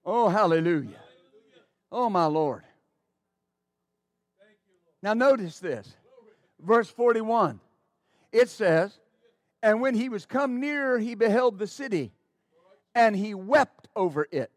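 A man's voice: high-pitched, no room sound, studio quality. A man preaching a sermon as pastor, fervent and exclaiming praise, with stammering restarts.

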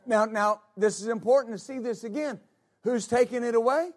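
Man, pastor, sermon, high voice, emphatic, amen after each point. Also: moderate pace. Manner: emphatic, repeats words, calls out amen.

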